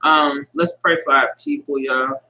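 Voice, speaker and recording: Bright-voiced man, hesitant, earnest livestream host. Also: mid-range voice, steady tone, measured pace, slight background noise, rough recording. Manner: hesitant and earnest, with many restarts and fillers; addresses viewers directly and reads out chat comments. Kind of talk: casual live-stream sign-off talk.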